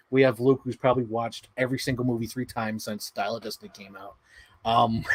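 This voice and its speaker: A man hosting a livestream, chatting excitedly and rambling, swearing freely as he talks. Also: mid-range voice, no room sound. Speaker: livestream host. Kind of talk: casual chat.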